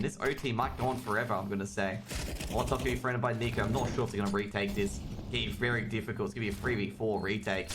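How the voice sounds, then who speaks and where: A man with an Australian accent doing live solo commentary of a video game match, chatty and quick, getting excitable on big plays and joking with his chat. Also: fairly low pitch, background noise. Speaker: esports caster.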